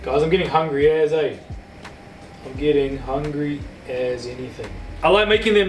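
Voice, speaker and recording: A man's voice: on the high side, moderate pace, a little hiss or hum. Chatty slangy man cooking. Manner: loose and chatty, slangy asides. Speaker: home cook. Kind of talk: casual cooking vlog.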